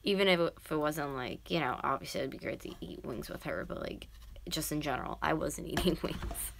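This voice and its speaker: A woman's voice: sits low, brisk, vocal fry, a bit bright, a little hiss or hum. A woman in her twenties chatting casually to viewers while she sculpts, rambling and dropping into whispers as she works. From North America. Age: 20s. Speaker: YouTuber.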